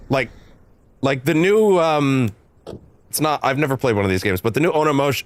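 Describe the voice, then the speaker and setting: A man streaming a game, giving rambling, self-interrupting casual commentary and swearing freely. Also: mid-range voice. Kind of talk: casual let's-play commentary.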